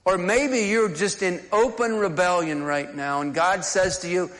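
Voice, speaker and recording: A man's voice: sits high, unhurried, few pauses, a bit bright, big-room sound. A man preaching a sermon as pastor, talking conversationally and often restarting and repeating words.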